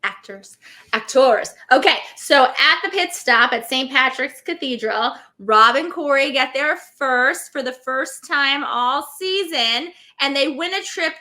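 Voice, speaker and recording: A woman co-hosting a casual recap chat, chatty and self-deprecating, with quick asides. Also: sits high, sharp tone. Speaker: co-host, former race winner.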